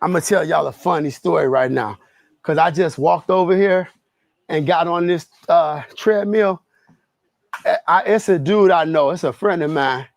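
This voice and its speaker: A man's voice: a little high, normal speed, creaky, no echo. A man on a treadmill livestreaming, telling stories in loose slang and laughing easily. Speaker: streamer. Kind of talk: casual livestream chat. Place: home garage gym on a treadmill.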